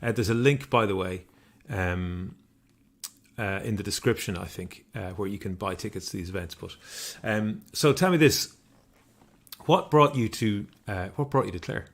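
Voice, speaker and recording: A man hosting a livestream interview, easygoing and quick with short enthusiastic replies. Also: lowish voice. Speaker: host.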